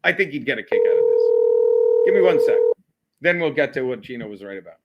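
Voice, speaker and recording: A man's voice: mid-range voice, very animated, fast, dull audio, heavy background noise. A man hosting a casual solo livestream, rambling, swearing and often breaking into laughter. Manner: profane, giggly, rambling. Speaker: livestream host.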